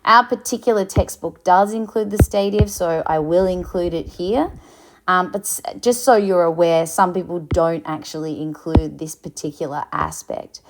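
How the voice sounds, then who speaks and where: A woman teaching a recorded lesson, explaining slowly, with fillers and restarts. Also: lowish voice, lively intonation, a little hiss or hum. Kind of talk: recorded lecture.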